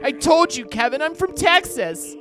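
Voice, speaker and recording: Man playing a film director, crude, arrogant, sneering, high voice, lively pitch. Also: moderate pace, soft background music, heavily acted. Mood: rude.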